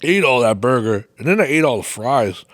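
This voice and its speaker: Male podcast host, mid-pitched, swears a lot, loose storytelling monologue, dry close mic. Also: brisk, dry recording. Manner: swears constantly, lively anecdotes with exaggerated quoted reactions.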